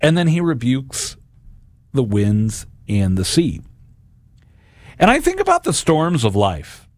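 A man in his forties giving an earnest devotional talk about scripture, often pausing and restarting his sentences. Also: mid-range voice, wildly swooping pitch, no echo. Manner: earnest, halting, with many restarts. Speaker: Catholic speaker.

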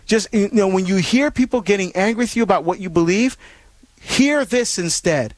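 Guy hosting a call-in radio show, fairly high voice, preachy and earnest, lots of um and you know, dry close mic. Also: normal speed, dry recording. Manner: earnest, rambling, with many fillers and restarts.

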